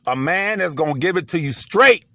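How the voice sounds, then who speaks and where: A man's voice: a little high, lively intonation, normal speed, pushed and bright, no echo. A man with a Southern US accent giving heated, preachy commentary, repeating words for emphasis.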